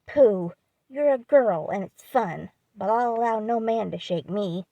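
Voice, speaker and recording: A woman's voice: mid-range voice, unhurried, gravelly, dark tone, dry recording, dull audio. A woman reading an audiobook, voicing a proud, hot-tempered young man who is sulking and indignant. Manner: indignant, defiant.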